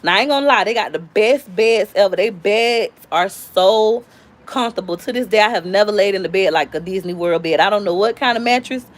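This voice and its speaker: A woman, telling stories casually on a live stream and jumping high when she quotes people. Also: fairly quick. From Tampa, Florida. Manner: animated storyteller, squeals high when quoting. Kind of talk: casual storytelling chat.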